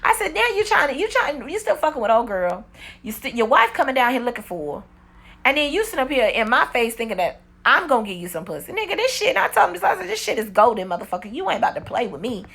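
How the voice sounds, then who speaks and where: A woman in her forties telling a storytime vlog in a blunt, profane, animated way. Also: fairly high pitch, quick pace, gravelly. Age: 40s. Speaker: vlogger. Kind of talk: casual storytime monologue.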